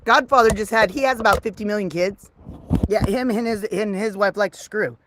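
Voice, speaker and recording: A woman in her fifties chatting casually on a livestream, brash and profane, rambling from low mutters to loud excited bursts. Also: a little fast, noisy background. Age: 50s. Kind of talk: casual livestream chat with viewers.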